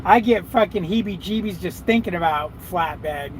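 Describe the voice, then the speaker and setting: Man, trucker, high-pitched voice, casual profane chatter, in his truck cab, faint road noise behind. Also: normal speed. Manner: profane, rambling, talks to viewers and his dog. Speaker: trucker streaming live. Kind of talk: casual live chat.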